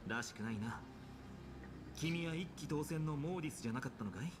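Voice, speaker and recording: A man voicing a young male companion in a video game, quick and matter-of-fact, heard as noisy game audio. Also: fairly high pitch, expressive, close to an everyday voice. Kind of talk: Japanese game voice acting.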